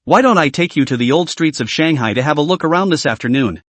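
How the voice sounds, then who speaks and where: A young, wealthy boss who is courteous and eager to please, read out by a man in an animated recap voice. The voice sits on the high side and moves up and down a lot. It is dry, with no room sound. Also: fast talker, no echo. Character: young rich male company boss, polite host.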